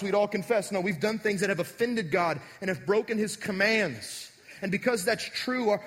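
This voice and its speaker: A man's voice: high-pitched, a bit bright. A man preaching a sermon as pastor, talking directly and conversationally to his congregation. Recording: echoey hall.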